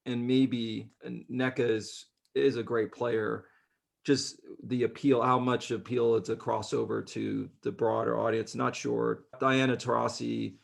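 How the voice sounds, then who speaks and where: A man with a gravelly, fry-tinged voice, talking loosely as a podcast co-host. He banters and jokes in an easygoing way. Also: mid-range voice, flat delivery, measured pace. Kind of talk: casual podcast chat.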